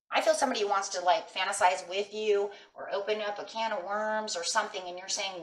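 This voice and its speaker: A woman's voice: medium pitch, fairly quick, few pauses, fairly bright tone, distant mic. A middle-aged woman giving a chatty tarot reading, talking straight to her viewers and checking in with "right?" as she goes. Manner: emphatic, talks straight to viewers with frequent "right?". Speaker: tarot reader. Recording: echoey room, voice off-mic.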